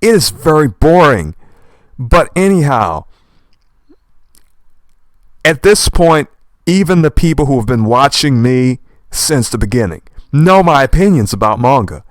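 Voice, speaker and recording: Young man with a slight lisp, animated. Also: mid-range voice, dry recording, studio quality. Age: young adult. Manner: old-fashioned verb endings like "worketh" and "seemeth"; animated, fast and passionate talker. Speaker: channel host reading a manga aloud. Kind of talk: rambling commentary while reading aloud.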